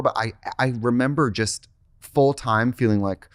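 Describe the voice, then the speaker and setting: A man hosting a podcast, chatting casually with quick joking reactions. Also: medium pitch, no room sound, studio quality. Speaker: podcast host.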